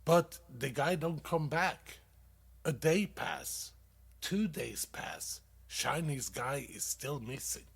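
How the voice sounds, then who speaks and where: This comedy host delivers dad jokes haltingly and casually, swearing, using plenty of fillers, and laughing loudly at his own punchlines. He speaks a little high with lively intonation, vocal fry, and a breathy edge.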